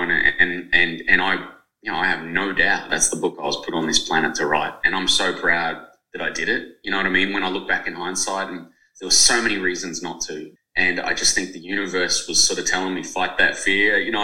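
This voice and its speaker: Forties male author, deep voice, talks in heartfelt run-on bursts, echoey room. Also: pushed and bright. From Australia. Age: 40s. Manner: rambling, emotional, lots of fillers and restarts. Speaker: author and journalist. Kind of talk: podcast interview.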